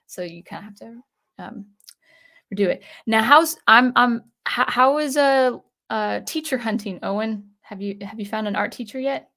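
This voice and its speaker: A woman's voice: mid-range voice, normal speed, a bit bright. A young adult woman hosting a casual livestream, reading chat comments aloud in a chatty, hesitant way with many fillers and restarts. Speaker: livestream host.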